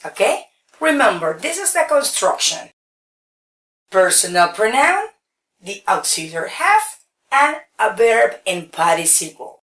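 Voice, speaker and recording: A woman teaches an English grammar lesson in a medium-pitched, sing-song voice with a fairly bright tone. Her delivery is slow and step-by-step, punctuated by frequent "okays" to check in. She sounds distant from the mic, with a roomy echo around her.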